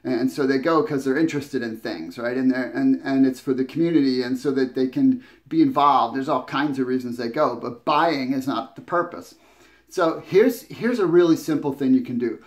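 A man's voice: medium pitch, normal speed. A man giving casual advice to camera as a business coach, talking conversationally with many restarts and tag questions. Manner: conversational, often adds "right?"; restarts and repeats words.

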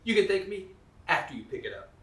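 A man's voice: sits high, big pitch swings, quick pace, fairly bright tone. An actor playing a hot-headed, crude middle-aged man who bullies and taunts people with profanity. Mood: menacing. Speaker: actor in a short comedy film. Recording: roomy, distant, music behind.

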